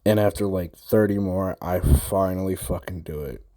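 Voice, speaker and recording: A man's voice: low-pitched, moderate pace, warm tone. A young man ranting through a gaming story from his room in casual slang, swearing constantly and rambling. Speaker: gamer recapping a session.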